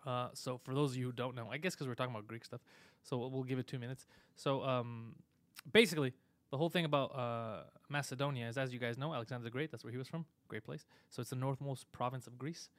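A man hosting a live show, giving a fast, opinionated rant full of swearing. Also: mid-range voice, steady tone, dry recording. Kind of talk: casual live-stream chat.

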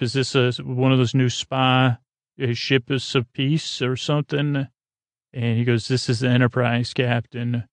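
A man hosting a podcast, retelling a TV episode as a rambling bedtime story, halting with restarts and dry jokes. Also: medium pitch, flat delivery, creaky, dry recording. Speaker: podcast host.

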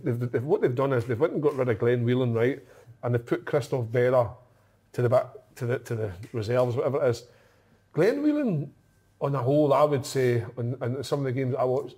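A Scottish man chatting about football, often halting and repeating his words. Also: medium pitch, lively intonation, warm tone, slightly rough. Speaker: podcast pundit. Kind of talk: casual football chat.

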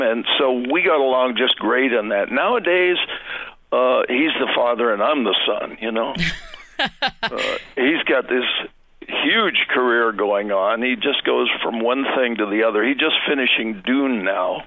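A man's voice: medium pitch, lively intonation, slight background noise. An older American man chatting as an interview guest over the phone, telling folksy stories with chuckles. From United States. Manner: folksy, drawn-out storytelling with chuckles. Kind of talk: casual interview chat. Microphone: phone call. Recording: tinny phone line.

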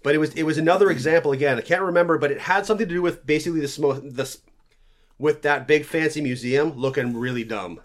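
Slightly high-voiced male storyteller. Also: fast. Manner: chatty, half-remembered tangents. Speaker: podcast co-host telling folklore stories. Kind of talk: casual storytelling from notes.

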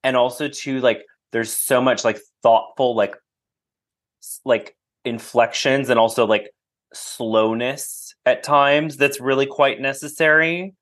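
A man's voice: mid-range voice, steady tone, slow pace, fairly bright tone. A man as a podcast guest, chatting casually and enthusiastically with lots of fillers. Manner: enthusiastic, gushing, filler-heavy.

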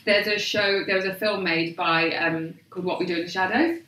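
A woman's voice: lowish voice, fairly even intonation, brisk, roomy sound, far from the mic, noisy background. A woman, a podcast guest who tells rambling, self-deprecating stories with lots of laughter. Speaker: podcast guest, comedic actress. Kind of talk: casual chat.

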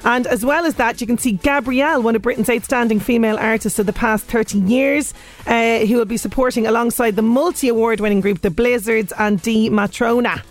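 A woman's voice: on the high side, fairly even intonation, brisk, soft background music. A woman with an Irish accent presenting a radio show in casual chat, laughing often as she talks.

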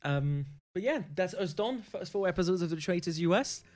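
A man's voice: high voice, animated, normal speed, darkish tone, soft background music. A man hosting a podcast in casual chat, playful, leading the questions and the sign-off. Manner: playful, runs the segments and the sign-off. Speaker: podcast host.

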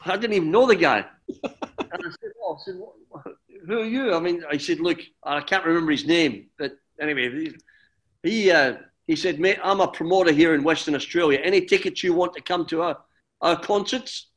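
A middle-aged man with a slightly high voice, a former footballer, tells a long story as an interview guest. He rambles, restarts sentences and calls the listener "mate" in a relaxed, chatty way. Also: fairly quick.

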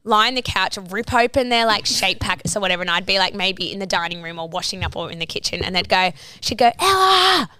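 Bright, animated woman. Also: fairly low pitch, fast, hardly any pauses, clean tone. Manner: animated, sweary, acts out quoted voices. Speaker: podcast co-host. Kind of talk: casual storytelling chat.

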